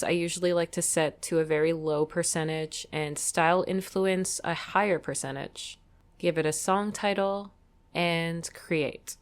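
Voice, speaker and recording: A woman hosting a software tutorial, walking through each step in a calm, methodical way. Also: on the low side, clean tone. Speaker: tutorial host. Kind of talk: screen-recorded software tutorial.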